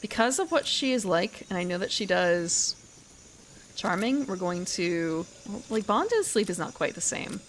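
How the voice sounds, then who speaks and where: A woman's voice: mid-range voice, very animated, normal speed, slight background noise. A woman streamer chatting casually while she plays, rambling and correcting herself as she goes. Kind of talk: casual gaming commentary.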